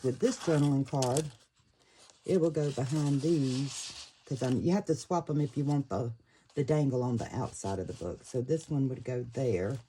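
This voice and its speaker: A woman casually talking through a handmade journal, thinking aloud and pausing to fiddle with the pieces. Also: extremely low pitch, gravelly, warm tone, slight background noise, poor audio. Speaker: paper craft creator. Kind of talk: casual craft flip-through.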